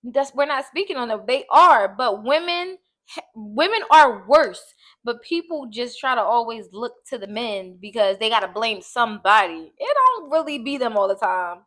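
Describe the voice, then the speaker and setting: A woman's voice: on the high side, expressive, normal speed, fairly bright tone. A woman co-hosting a podcast in casual chat who laughs easily and earnestly steers the topic back. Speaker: podcast co-host.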